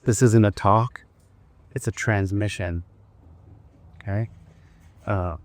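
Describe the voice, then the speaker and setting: A man's voice: fairly low pitch, steady tone, a little mellow. A man telling a personal story to a live group in a casual, conversational way, with fillers and restarts. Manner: leads the group in slow breathing. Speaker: speaker at a wellness event.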